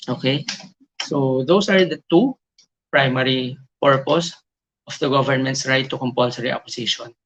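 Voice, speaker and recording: A man with a Filipino accent giving a live online review lecture, explaining slowly, repeating key points and switching between English and Filipino. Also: mid-range voice, a bit bright, lo-fi sound, slight background noise. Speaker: tutor for licensure exam review. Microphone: video call.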